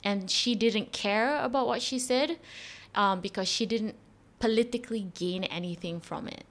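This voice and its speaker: Woman podcast host, casual animated storyteller. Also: mid-range voice, moderate pace. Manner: chatty, animated retelling with frequent fillers. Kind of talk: casual conversational explanation.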